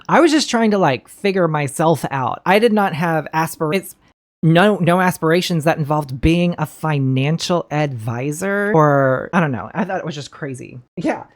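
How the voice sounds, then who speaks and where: A woman's voice: low voice, expressive, moderate pace. A woman giving casual, chatty commentary on a TV episode, swearing freely and talking straight to her viewers. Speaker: TV show reviewer.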